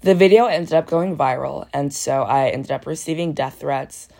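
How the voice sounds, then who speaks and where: A young woman in college with a croaky, dehydrated voice, candidly telling a raw personal story in a casual vlog. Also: low-pitched, moderate pace, dark tone. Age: young adult. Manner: candid, raw, frank storytelling with blunt language.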